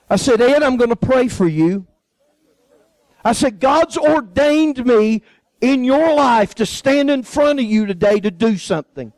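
A man's voice: extremely high pitch, expressive, measured pace, a little mellow, no room sound, poor audio. A man preaching, telling a personal story and acting out the people in it. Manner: folksy storyteller acting out quoted voices. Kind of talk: sermon testimony storytelling.

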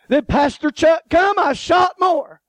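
This guest preacher speaks at an extremely high pitch, delivering a sermon full of jokes, laughs, and acted-out voices in animated storytelling. The recording is close and dry, with no room sound at all.

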